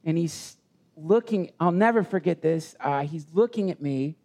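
High, gravelly-voiced man telling a story. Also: expressive, a little mellow. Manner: rambling, halting with restarts. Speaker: podcast guest. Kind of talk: emotional personal storytelling. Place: live retreat session.

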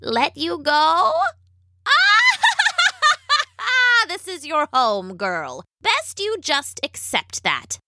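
A woman's voice: high voice, huge pitch swings, slow pace, hardly any pauses, pushed and bright, voice pushed up, heavily acted. A woman voicing an old, bent-backed witch in a storybook reading, speaking in a cooing, sing-song way. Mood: mocking.

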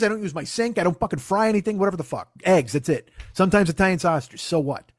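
A man's voice: high-pitched, quick pace, few pauses, dry recording, clean studio sound. A man casually telling a long, rambling, profane and self-mocking story to his co-host.

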